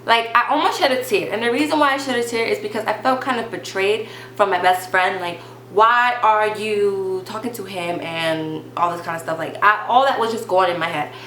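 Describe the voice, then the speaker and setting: A young woman telling a storytime vlog in a chatty, animated way, leaning on "like" and bluntly swearing now and then. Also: medium pitch, normal speed. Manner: chatty, animated retelling full of "like" and acted quotes. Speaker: vlogger. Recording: roomy echo with faint hum.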